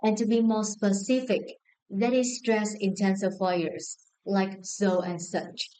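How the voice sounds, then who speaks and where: A woman with a Vietnamese accent teaching an English lesson, giving clear, encouraging instructions to a class. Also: mid-range voice, steady tone, slow, mellow, low-quality recording.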